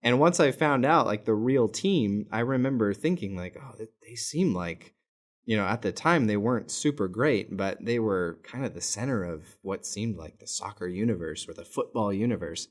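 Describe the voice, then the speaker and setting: A man's voice: on the low side, animated, moderate pace, few pauses. An American man in his thirties hosting a fan channel, talking casually to camera with lots of filler words. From United States. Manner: chatty and rambling, many filler words.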